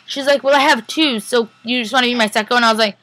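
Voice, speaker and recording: A woman's voice: on the high side, quick pace, sharp tone. A young woman from Northern California giving a chatty, rambling convention recap vlog, full of "like" and quoted back-and-forth. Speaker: fan vlogger.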